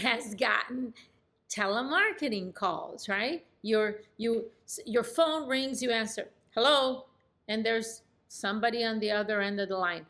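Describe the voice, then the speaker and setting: A middle-aged woman coaching on sales in an animated, demonstrative way. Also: a little high. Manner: animated and demonstrative, acts out phone calls. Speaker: real estate sales coach. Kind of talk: coaching lesson.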